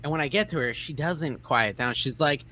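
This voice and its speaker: A man's voice: moderate pace, no room sound. A man telling a funny story in casual podcast chat over a video call. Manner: animated, mimics his mother in a loud high voice. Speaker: podcast co-host.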